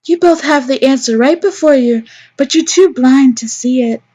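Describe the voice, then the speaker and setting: A woman voicing a lofty, condescending young mystic in a mobile story game, with a high, airy, superior delivery. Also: moderate pace, dark tone, close to an everyday voice.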